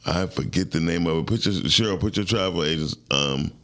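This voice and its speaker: Deep gravelly man, playful co-host. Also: brisk, fairly bright tone. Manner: playful, teasing. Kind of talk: casual morning-show chat.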